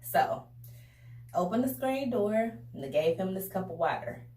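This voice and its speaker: A young woman vlogger tells a casual story to her audience in a chatty, animated style. Her voice sits at a middling pitch and is picked up from a short distance, with a noticeable room echo around it. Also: a little slow. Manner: chatty, animated, addresses viewers as y'all. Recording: roomy echo, a bit distant from the mic.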